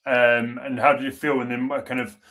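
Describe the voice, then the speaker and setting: A man hosting an online interview, asking halting, encouraging questions and giving frequent murmurs of agreement. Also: medium pitch, level tone, a bit bright. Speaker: interview host.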